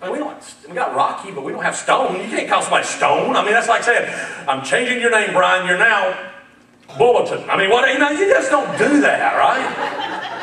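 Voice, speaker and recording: High-pitched, bright preacher in an echoey church. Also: male voice, a little fast. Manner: animated, acts out dialogue, gets fired up. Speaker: pastor. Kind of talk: sermon. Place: church sanctuary. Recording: echoey church sanctuary, mic at a distance.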